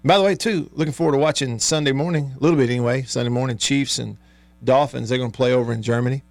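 A chatty man hosts a talk radio show from a studio, his voice sitting at an everyday middle pitch. He reads listener texts in a relaxed, easygoing way and laughs often. The sound is close and dry, with no room around it. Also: quick pace, no echo. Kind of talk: casual sports talk radio chat. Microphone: studio microphone.

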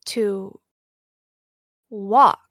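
A woman's voice: medium pitch, fairly even intonation, extremely slow, a bit bright, no echo, clean studio sound, pitched below the performer's own voice. A woman voicing a smug, all-knowing female supercomputer that talks in a cheery, playful, teasing way. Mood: suspicious.

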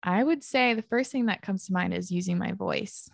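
Chatty young woman with a creaky voice. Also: medium pitch, moderate pace, dry recording, studio quality. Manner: chatty, fills speech with "like", laughs often. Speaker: podcast guest. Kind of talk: casual conversation.

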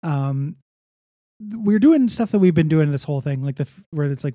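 A man's voice: fairly high pitch, lively intonation, normal speed, mellow, no room sound. A man co-hosting a comic book podcast, recapping issues in a wry, rambling casual chat with dry jokes.

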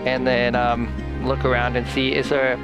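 Gravelly male tabletop player. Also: medium pitch, moderate pace, over loud music. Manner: chatty and excitable, laughing often. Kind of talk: playing a character in a tabletop game.

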